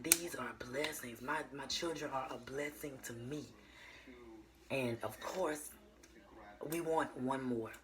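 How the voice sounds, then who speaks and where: A woman's voice: deep voice, noisy background. A young woman telling her viewers a personal story in a casual, meandering way, full of fillers and restarts. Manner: addresses viewers as y'all.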